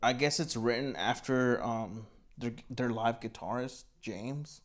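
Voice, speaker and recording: A man's voice: mid-range voice, a little slow. Rambling young man, filler-heavy chat. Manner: rambling, filler-heavy, says "like" and "you know" constantly. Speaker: album review podcast co-host. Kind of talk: casual chat.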